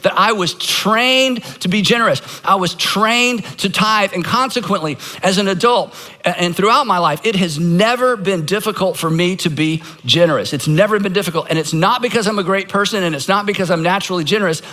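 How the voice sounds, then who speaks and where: Bright, high-voiced pastor. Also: male voice, brisk. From Georgia, United States. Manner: earnest storytelling with self-deprecating asides. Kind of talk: conversational sermon.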